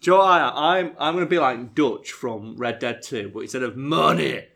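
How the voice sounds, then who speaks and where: A man's voice: medium pitch, fairly quick, gravelly, a bit bright. A young man hosting a podcast, laid-back and joking, and he swears freely. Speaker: podcast host and streamer. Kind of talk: casual podcast chat.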